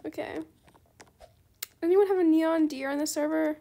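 A woman hosting her gaming channel, chatting casually through gameplay commentary and bursting into excited squeals. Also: high-pitched, a little slow, creaky, pauses often.

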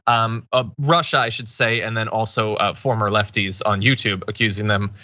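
Bright-voiced man hosting political commentary. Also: on the low side, steady tone, normal speed, lo-fi sound, slight background noise. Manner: conversational, emphatic, with restarts. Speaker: political commentary show host.

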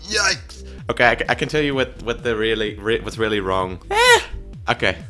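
A man's voice: fairly low pitch, quick pace, bright, forceful tone, faint music behind. A man rambling casually at his webcam in a room at home, joking at himself while he fiddles with camera settings. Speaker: YouTuber.

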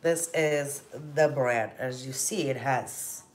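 A woman hosting a casual cooking stream, chatting gently with viewers and laughing often as she bakes. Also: rumbling low, takes it slowly. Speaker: cooking show host.

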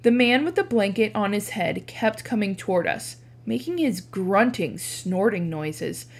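A woman reads a chapter book aloud in an expressive classroom style. She narrates steadily and lifts her voice for the dialogue. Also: a little slow. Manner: animated, changes pitch for dialogue.

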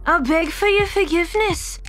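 A woman's voice: extremely high pitch, normal speed, soft background music, voice pushed up. A woman doing a pleading young noblewoman. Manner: soft, pleading and courteous. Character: polite young noblewoman, duke's daughter. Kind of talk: live manga reading with voices.

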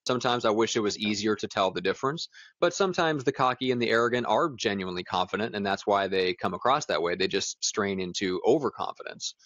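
A man's voice: fairly low pitch, quick pace, fairly bright tone, dry recording. A man co-hosting a podcast, talking reflectively with lots of agreeing fillers. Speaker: podcast co-host. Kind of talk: casual podcast chat. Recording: dull lo-fi sound, dry.

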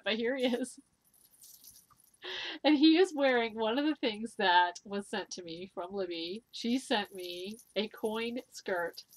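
A middle-aged woman hosting a knitting video podcast, chatting to camera in an enthusiastic, gushing way with many ums and laughs. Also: medium pitch. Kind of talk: casual chat to camera.

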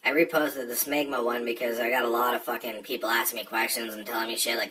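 A man's voice: medium pitch, fairly even intonation, quick pace, few pauses, pushed and bright, far from the mic, soft background music, low-quality recording. A man ranting crudely into his phone, rambling and joking with constant swearing. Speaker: social media video maker. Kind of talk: crude casual rant to camera.

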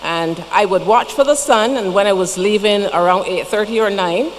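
A woman's voice: medium pitch, normal speed. A woman with a Barbadian accent giving a funeral tribute in a church, telling folksy stories with chatty asides. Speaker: eulogy speaker. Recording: long church reverb, faint noise.

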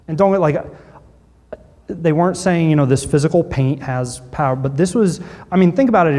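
A pastor telling a story in a sermon, animated and acting out what people said. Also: male voice, fairly high pitch, in a large hall.

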